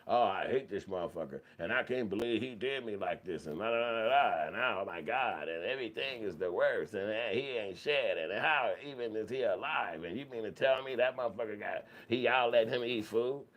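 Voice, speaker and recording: A man's voice: on the low side, lively intonation, normal speed, hardly any pauses, fairly bright tone, pitched above the performer's own voice. A man putting on a mocking, exaggerated voice of a whiny woman complaining about a man. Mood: mocking whine.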